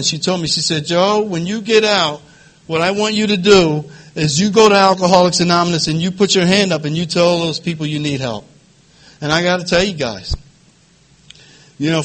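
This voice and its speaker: A middle-aged man from the Philadelphia area with a quivering voice, giving emotional personal testimony at a support group meeting, halting and repeating phrases. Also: a little high, a bit bright. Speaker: recovery meeting speaker.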